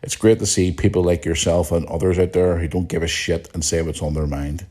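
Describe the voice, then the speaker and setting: A man's voice: deep voice, steady tone, brisk, dark tone. An Irish man hosting a podcast in a casual chat, reading out listener messages and answering them bluntly, with frequent swearing and chuckles. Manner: blunt and outspoken, swears freely, chuckles often. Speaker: podcast host.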